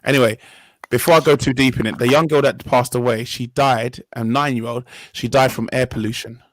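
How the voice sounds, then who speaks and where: On a low-quality, echo-free recording, a young podcast host leads a casual discussion. His medium-pitched voice stays steady and moves fairly quickly as he rambles earnestly, often stopping to fix what he's saying mid-sentence.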